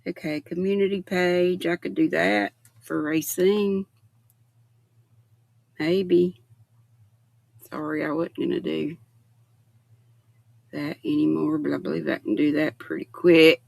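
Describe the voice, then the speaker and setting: Gravelly chatty woman in her sixties. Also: low voice, fairly even intonation, takes it slowly, long pauses, darkish tone, no echo. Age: 60s. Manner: chatty, affectionate, reads comments aloud. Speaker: livestream host. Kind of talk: casual chat reading viewer comments.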